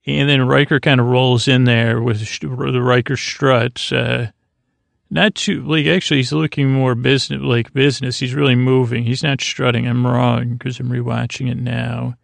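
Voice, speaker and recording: Male podcast host, gravelly and monotone, meandering sleepy recap, dry close mic. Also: medium pitch, no echo. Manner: meandering, filler-heavy, halting. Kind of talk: drowsy, rambling episode recap.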